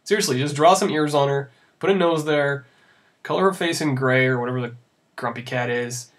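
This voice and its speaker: A young man with a mid-range voice plays a visual novel in a let's play, talking briskly. His commentary is casual and sarcastic, rambling and laughing at the game.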